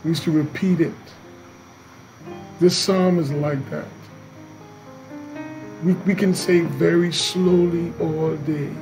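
A man leading a morning devotion, preaching slowly and emphatically and repeating key lines. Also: fairly high pitch, steady tone, creaky, a little mellow, faint music behind, low-quality recording.

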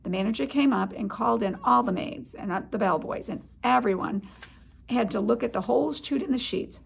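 A woman's voice: a little high, fairly quick, gravelly. A woman reading aloud, voicing a cautious, bossy old male mouse with a stern manner. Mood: matter-of-fact.

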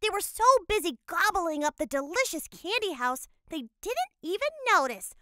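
A woman's voice: very high voice, very animated, normal speed, pushed and bright, no echo, clean studio sound, heavily acted. A woman voicing a cheerful cat mother who narrates a cartoon storybook in a playful way.

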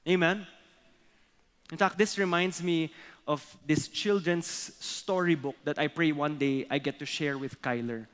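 A young adult man with a Filipino accent preaching a sermon, mixing English and Tagalog with animated storytelling. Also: a little high, unhurried, in a large hall. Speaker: pastor.

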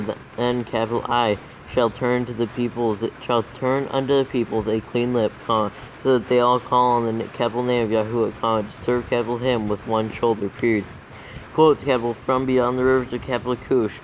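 A man reading scripture aloud for proofreading, dictating every capital letter and comma in a steady, even way. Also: mid-range voice, slight background noise, low-quality recording. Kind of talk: dictating text with spoken punctuation.

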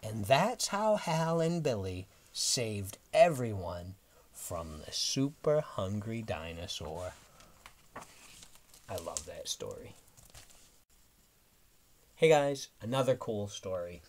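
A man teacher reading picture books aloud to young children in an animated storytelling manner. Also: lowish voice, slow pace, long pauses, slight background noise. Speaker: preschool teacher.

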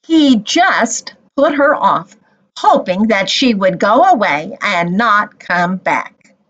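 A woman telling a Bible story to children as a teacher, with expressive storytelling. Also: medium pitch, slow pace, muffled recording.

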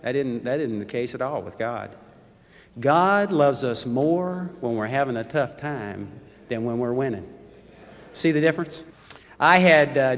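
A middle-aged man from the United States giving a football coach's testimony to a live audience, folksy, self-mocking and animated. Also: mid-range voice. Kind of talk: storytelling speech to a live audience. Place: large hall. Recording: long hall reverb.

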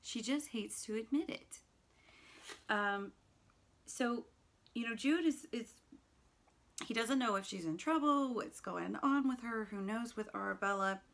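A woman's voice: on the high side, measured pace, gravelly, pauses often, a bit bright. Chatty woman teacher explaining a novel. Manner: conversational, fillers and self-corrections. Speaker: literature teacher. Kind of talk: lecture with read-aloud passages.

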